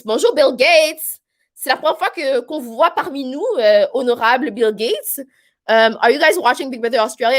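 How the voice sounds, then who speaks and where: A woman with a Québécois French accent hosting a casual live stream, chatty and rambling, with many fillers. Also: fairly high pitch. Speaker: live stream host reading viewer comments.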